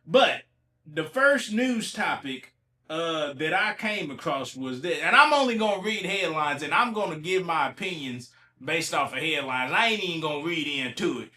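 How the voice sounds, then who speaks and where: A man's voice: on the high side, lively intonation, moderate pace, bright, forceful tone, echoey room. A man from Ohio hosting a casual solo podcast while a little under the weather, chatting loosely and repeating himself as he reacts to news headlines. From Ohio, USA. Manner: colloquial, repeats himself, talks back to headlines. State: a little sick. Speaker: podcast host.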